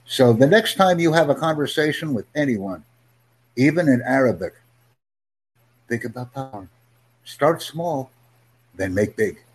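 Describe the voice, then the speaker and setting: A man teaching an English conversation lesson over a video call, upbeat and encouraging, speaking in simple, slowed-down phrases. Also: mid-range voice, animated, slightly rough. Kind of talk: live online English lesson.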